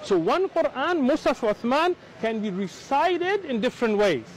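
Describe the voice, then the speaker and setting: A man with an American accent and a very high voice argues his case in an outdoor street debate. He lectures firmly, repeats himself for emphasis and presses on over every interruption. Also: big pitch swings, moderate pace, rough recording. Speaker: Muslim street preacher.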